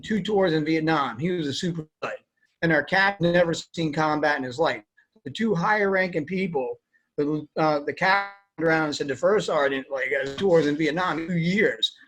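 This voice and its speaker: Young male vet, interviewee, rambling casual answers, higher-than-usual pitch. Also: fairly bright tone, slightly rough. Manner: rambling, many fillers like "you know". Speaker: army veteran interviewee.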